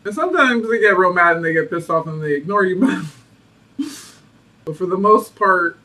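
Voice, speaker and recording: A man with a high, light voice gives a casual tarot reading, full of sass, playful attitude and frequent laughter. The mic sits some way off, so he sounds distant. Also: moderate pace. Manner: sassy and animated, laughs often. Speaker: tarot reader.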